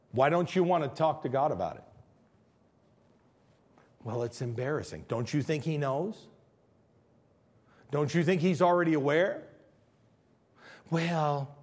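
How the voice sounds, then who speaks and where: Male pastor, dramatic sermon delivery, animated pitch, repeats himself for emphasis. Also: slightly rough. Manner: swings from near-shouting to hushed, acts out prayers; repeats phrases for emphasis, stumbles and restarts.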